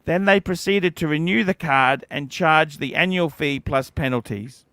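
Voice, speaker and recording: Grumpy livestream host, forties, sharp, clean tone, foul-mouthed ranting. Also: male voice, fairly high pitch, moderate pace, no echo. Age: 40s. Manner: profane, cantankerous ranting.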